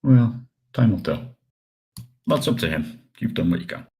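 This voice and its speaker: A man's voice: lowish voice, lively intonation, normal speed, dark tone, breathy edge. A man in a voice chat, talking in a dry, teasing, casual way. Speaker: voice chat participant.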